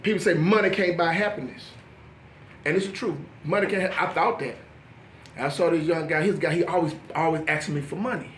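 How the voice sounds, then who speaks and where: A man in his fifties doing stand-up comedy, telling stories in an animated way, laughing through his punchlines and acting out the people in them. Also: a little high, fairly quick, echoey room, slight background noise. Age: 50s.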